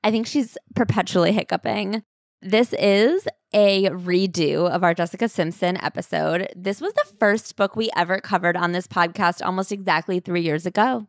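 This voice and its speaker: A woman's voice: lowish voice, moderate pace, dry recording. A woman co-hosting a podcast in casual chat, playful and laughing, on a close mic. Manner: chatty, laughing, playful asides. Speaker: podcast co-host.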